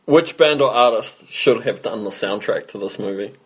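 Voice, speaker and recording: A man's voice: fairly low pitch, normal speed, breathy edge, poor audio. A man in a casual movie chat, dry and rambling, repeating his points. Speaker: podcast co-host.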